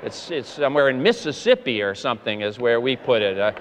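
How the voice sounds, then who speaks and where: A man preaching a sermon, earnest and emphatic, with stressed words that rise in pitch. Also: very animated, brisk, big-room sound, a little hiss or hum. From Boston. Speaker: pastor.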